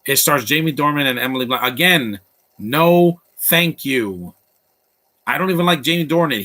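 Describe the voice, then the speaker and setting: A man's voice: mid-range voice, bright, forceful tone. A man giving live, blunt and opinionated commentary over a movie, rambling from one aside to the next. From Latino background.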